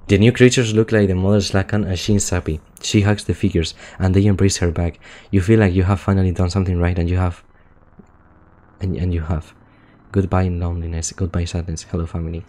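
A young man with a very low, deep voice reads game text aloud in a loose, casual way. He trips over words, backs up to fix them, and breaks off to laugh or curse under his breath. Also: steady tone, a little fast, dark tone. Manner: stumbles and restarts while reading, laughs and swears often. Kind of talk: casual gameplay commentary, reading text aloud.

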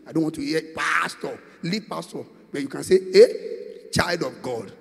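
A Nigerian man preaching a sermon, moving between quiet storytelling and shouted prayer, with call-and-response questions to the congregation. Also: on the high side, moderate pace, gravelly, in a large hall. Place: large church with long reverb.

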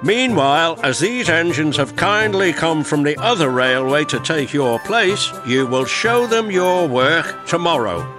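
A man's voice: fairly high pitch, animated, unhurried, few pauses, over music, voice pushed up. A man voicing a stern, pompous male railway boss who gives orders in a storybook train tale. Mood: commanding. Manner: pompous, commanding.

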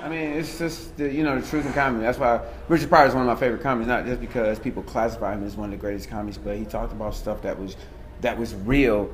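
A man's voice: mid-range voice, quick pace, slight background noise. A man who is a stand-up comedian, talking in a casual chat and telling stories with a laugh in his voice. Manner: animated, laughing storyteller. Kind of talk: casual interview and stand-up set.

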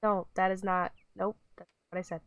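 A woman's voice: mid-range voice, little pitch movement, brisk, fairly bright tone, dry recording. A woman streaming a pet video game, coaxing her virtual dog with giggly, chatty commentary. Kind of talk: casual game livestream commentary.

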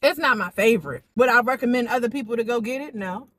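A young woman hosting an eating show, chatting excitedly and straight to her viewers as she tastes each dish. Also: fairly high pitch, fast. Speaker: food vlogger. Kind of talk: casual eating-show chat.

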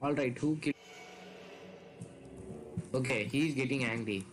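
Excitable gaming host, male, slow delivery, faint background music. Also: mid-range voice, low-quality recording. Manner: excitable, shouts and accuses while playing. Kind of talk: casual gameplay commentary.

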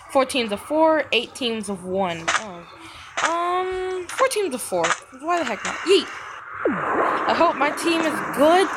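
A woman hosting a gaming video, rambling in character with giggly, self-mocking commentary as she plays. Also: sits high. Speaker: gaming channel host. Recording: steady background noise.

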